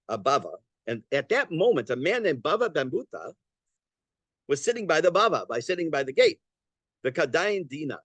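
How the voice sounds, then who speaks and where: Rabbi teaching a class, animated delivery, translating as he goes; dry close sound. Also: on the high side, no room sound. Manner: translates Aramaic phrase by phrase, lively and conversational; halting restarts and fillers while explaining. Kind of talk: Torah class explaining a Talmud story.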